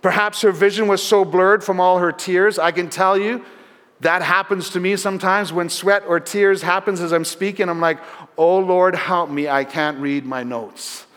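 High-voiced preacher in a reverberant church. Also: male voice. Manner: earnest storytelling preacher, drops softer for emphasis. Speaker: pastor. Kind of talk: sermon. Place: church sanctuary. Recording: long hall reverb.

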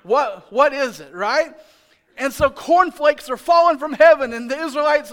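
A man preaching a sermon as pastor, animated and joking, building to loud emphatic shouts. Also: very high-pitched, moderate pace. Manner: animated, joking, playfully exasperated.

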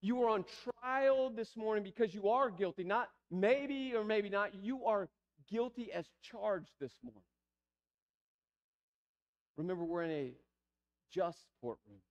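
A man with a high-pitched voice preaching a sermon in a church sanctuary. He pleads softly at times and builds to emphatic, repeated phrases. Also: unhurried, pauses often, muffled recording. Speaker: pastor.

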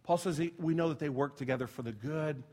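A man's voice: fairly high pitch, fast. A middle-aged man preaching a sermon as pastor, talking conversationally with asides and self-corrections, sometimes dropping almost to a whisper. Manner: drops to a near whisper when telling a quiet story.

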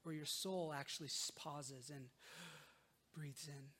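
With a voice unusually high for a man, a pastor preaches an earnest sermon in a steady tone. He drives his points home with emphasis, then settles into soft, leisurely pauses.

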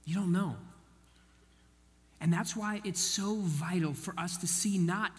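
A man preaching a sermon, telling a story in an animated way and acting out the voices of the people in it. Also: high voice, unhurried. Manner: animated, acts out quoted voices. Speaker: pastor. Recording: long hall reverb.

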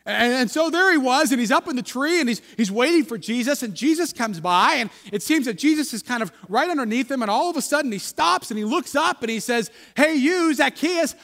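Man, pastor, sermon, very high pitch, halting and conversational, long church reverb. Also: fairly bright tone. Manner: conversational, halting with many restarts.

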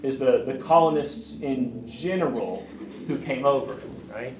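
A man from Virginia with a Southern accent, giving a lively classroom lecture and asking his audience questions. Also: medium pitch, unhurried, a little hiss or hum. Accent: Southern US, Appalachian Virginia. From Grayson County, Virginia, USA. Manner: energetic, asks the audience questions often. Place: lecture room. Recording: echoey room, mic from a distance.

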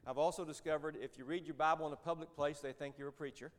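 A man's voice: fairly high pitch, steady tone, fast talker. A man in his fifties, a Christian businessman, telling a story in a church talk in a conversational, folksy way with joking asides.

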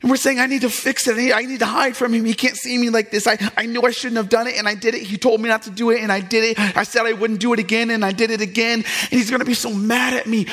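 A man preaching a sermon as pastor, impassioned and swinging from loud, fervent passages to hushed, tender ones. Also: extremely high pitch, fairly even intonation, fast, hardly any pauses.

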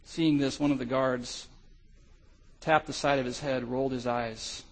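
A middle-aged male pastor telling a story in a sermon, swinging from loud cries to hushed lows. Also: fairly even intonation, measured pace, rough recording.

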